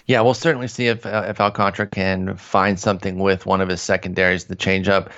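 A man's voice: low voice, little pitch movement, brisk, a bit bright. Man, podcast host, casual analytical chat, muffled sound. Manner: analytical, conversational, many fillers.

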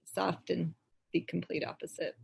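A woman on a church teaching team speaking calmly and gently on a video call. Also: on the low side, normal speed, gravelly, slightly rough. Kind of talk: casual discussion on a video call.

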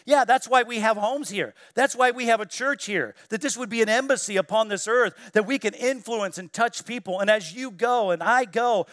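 A man preaching a sermon in church, swinging between loud exclamations and hushed, quiet quoting. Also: high-pitched, no echo, clean studio sound. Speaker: pastor. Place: church sanctuary.

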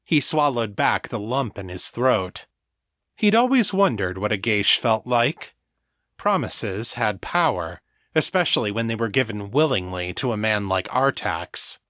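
A man's voice: fairly low pitch, measured pace, no echo. Man narrating a fantasy audiobook, dry and close. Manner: steady, even storytelling read. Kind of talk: scripted narration.

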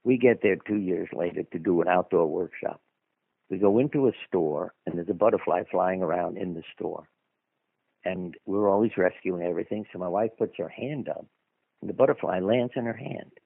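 The recording is dry, carried over a phone line, and features a man whose low voice is husky with vocal fry at a normal speed. He's a guest author in a radio interview, telling stories in a meandering, conversational style full of asides.

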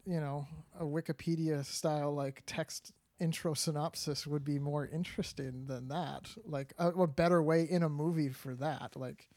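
Chill guy cohosting a movie podcast, kinda high voice, dry sound. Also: steady tone, moderate pace, few pauses, a little mellow, no room sound. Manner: laid-back, opinionated, lots of fillers. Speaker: podcast co-host. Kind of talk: casual movie podcast chat.

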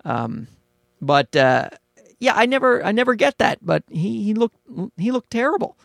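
A man's voice: high-pitched, sing-song, moderate pace, vocal fry, fairly bright tone, no room sound, studio quality. A young man hosting a podcast alone, rambling and swearing in a self-mocking, casual monologue. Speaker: podcast host. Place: small closet at home. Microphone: podcast microphone.

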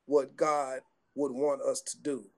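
A man's voice: medium pitch, flat delivery, slow, darkish tone. A man giving earnest, preachy commentary in a casual faith conversation.

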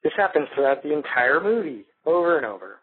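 A man's voice: on the high side, big pitch swings, brisk, slightly rough, no echo. A man leaving a rambling phone message, correcting himself as he goes. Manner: digressive, self-correcting. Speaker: caller reviewing a movie. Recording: tinny phone line.

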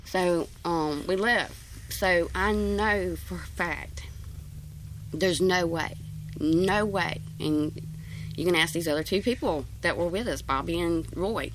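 A woman's voice: on the low side, slow pace, a little hiss or hum. A woman telling a story from her past in a rambling, folksy way, with many fillers. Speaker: interviewee. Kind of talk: casual storytelling.

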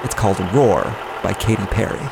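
Over loud music, a man with a lowish, gravelly voice talks fairly quickly as Scotty, the host of a children's audio drama. The character is bubbly and chatty, cracks puns, and speaks directly to the listeners.

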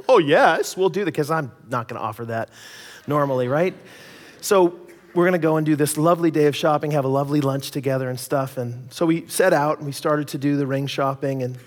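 A male pastor telling a personal story in a sermon, animated and acting out the people in it. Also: medium pitch. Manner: animated storytelling, acts out quoted voices. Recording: reverberant church hall.

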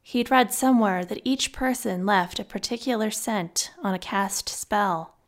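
A woman reading a fantasy novel aloud as scripted narration, in a subdued, measured voice. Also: mid-range voice. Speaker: audiobook narrator.

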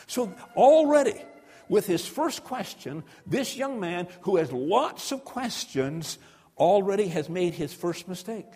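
Man, preacher, high lively voice, husky tone. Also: unhurried. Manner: storytelling, asks the listeners questions; reads scripture aloud, drops to a hush for prayer. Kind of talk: sermon. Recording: long hall reverb.

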